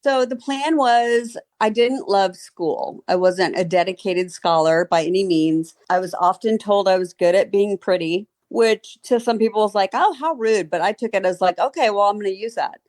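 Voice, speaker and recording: A woman's voice: medium pitch, normal speed, few pauses, darkish tone. A woman in her fifties from the Southern US with a slight Southern accent, chatting in a friendly way as a podcast guest. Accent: slight Southern American. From Baton Rouge, Louisiana. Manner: friendly, chatty, laughs easily. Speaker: guest, former model and author. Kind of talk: casual interview chat.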